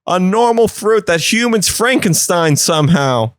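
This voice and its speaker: A man's voice: sits high, lively intonation, measured pace, no room sound, studio quality, voice pushed up. A man voicing a small, self-pitying talking pickle in a comic bit. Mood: plaintive. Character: small, whiny, put-upon talking pickle.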